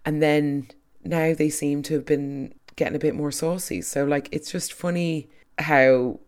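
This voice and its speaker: A speaker giving a chatty, opinionated recap of a soap opera, with quick asides and restarts. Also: mid-range voice, fairly even intonation, a little mellow, smooth. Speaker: soap recap podcast host. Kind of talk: casual chat.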